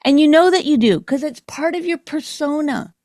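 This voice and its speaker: A woman's voice: sits high, normal speed, darkish tone, no room sound. Teasing Canadian-raised woman, dry close sound. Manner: teasing, argumentative, mimics her husband. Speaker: podcast co-host. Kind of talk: casual banter with spouse.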